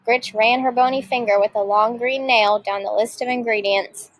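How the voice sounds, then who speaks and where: A woman teacher reading a picture book aloud with lively expression. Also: on the high side, normal speed, low-quality recording.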